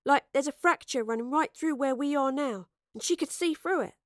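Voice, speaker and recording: A woman voicing a young working-class woman, blunt, slangy, urgent, higher voice, dry. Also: moderate pace, no room sound, close to an everyday voice. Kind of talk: audiobook character voice.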